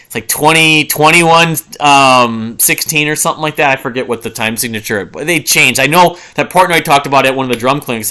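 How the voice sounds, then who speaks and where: A man's voice: mid-range voice, sharp tone. A man in his forties reviewing albums in a casual, rambling monologue, full of fillers and restarts and humming riffs to make his points. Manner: hums and sings riffs to illustrate. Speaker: music reviewer.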